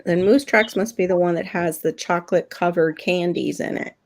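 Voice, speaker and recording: A middle-aged woman talks casually on a livestream, rambling from one aside to the next and laughing often. Her voice has a gravelly rasp at the edges. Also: on the low side, normal speed. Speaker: livestream co-host. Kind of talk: casual chat.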